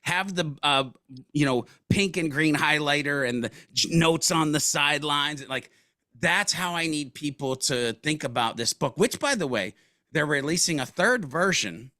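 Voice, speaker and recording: A man's voice: on the high side, moderate pace, no echo, studio quality. A man guest in a business interview, telling stories casually with slang and acting out quoted lines. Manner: animated storyteller, casual slang, acts out quotes.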